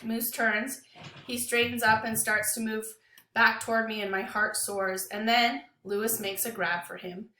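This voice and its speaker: A woman teacher reading a novel aloud to her class with an expressive, dramatic delivery. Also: on the high side, a little slow, roomy sound.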